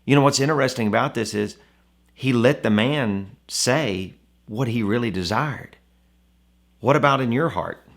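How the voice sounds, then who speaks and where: A man's voice: medium pitch, unhurried, gravelly. Conversational man giving a Bible devotional. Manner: conversational, asks the listener rhetorical questions. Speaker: devotional speaker.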